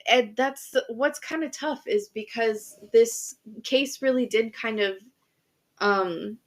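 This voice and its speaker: A woman's voice: on the high side, takes it slowly. A young woman co-hosting a podcast, retelling a history story in casual chat with lots of fillers and restarts. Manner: chatty, many fillers and restarts, laughs easily. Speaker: podcast co-host.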